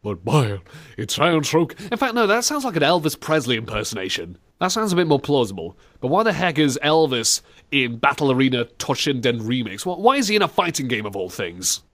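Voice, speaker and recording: Animated man, lively pitch. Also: a little fast. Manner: animated, mocking, slips into silly voices. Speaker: podcast host. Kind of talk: comedic casual chat.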